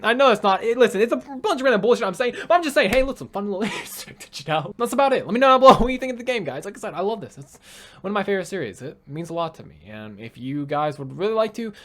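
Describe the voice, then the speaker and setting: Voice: mid-range voice, lively intonation, very fast. A young adult gaming video creator giving emotional let's play commentary, swearing a lot.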